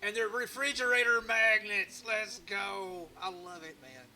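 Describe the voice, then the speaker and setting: A man hosts a laid-back live stream, talking in a rambling, self-mocking way. His voice sits high and rings bright and forceful. Soft music plays faintly underneath. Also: unhurried. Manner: rambling, joking and self-mocking, with frequent restarts. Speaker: live-stream woodcarving host. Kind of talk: casual live-stream chat.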